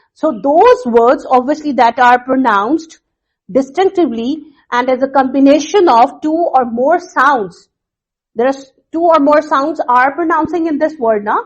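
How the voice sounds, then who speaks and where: A woman teacher explaining phonics to students in a recorded lesson, repeating points slowly with fillers. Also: sits high, breathy edge, highs cut off. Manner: slow, repetitive explaining with fillers.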